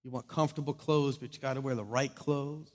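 A man preaching a sermon in a large church hall, impassioned, swinging from loud proclaiming to hushed intimacy. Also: mid-range voice, fairly even intonation, a little fast. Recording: long reverb of a large hall.

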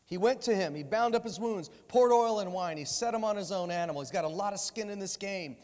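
A guest preacher with a high, brisk voice delivers a sermon in a church sanctuary, full of storytelling and animated dialogue acted out in different voices. The recording carries the long hall reverb of the church.

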